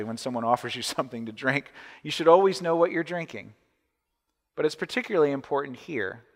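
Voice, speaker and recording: Pastor with a long church echo. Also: male voice, medium pitch, fairly bright tone. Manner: reads scripture, then talks casually with restarts and asides. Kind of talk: sermon. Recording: echoey church hall.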